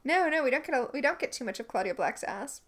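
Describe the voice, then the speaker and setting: A woman co-hosting a podcast recaps a TV episode in casual, animated chat, going over scenes and quoting characters. Her voice is high-pitched and fast.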